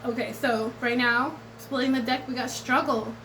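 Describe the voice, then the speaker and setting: High-voiced, blunt, profane woman. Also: fairly even intonation, moderate pace, fairly bright tone, a little hiss or hum, poor audio. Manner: blunt and profane, swinging between defiant and tender. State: close to tears at times. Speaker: tarot and oracle reader. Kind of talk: emotional casual vlog talk to viewers.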